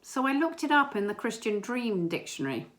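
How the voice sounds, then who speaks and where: A woman giving an informal church talk, earnest and gentle, with small hesitations. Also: fairly high pitch, big pitch swings, fairly quick. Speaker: church member sharing a prayer message.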